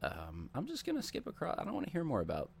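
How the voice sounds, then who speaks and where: A man's voice: fairly high pitch, wildly swooping pitch, fast talker, creaky, a little hiss or hum. A man casually commenting on videos he plays, wry and rambling, often asking questions aloud.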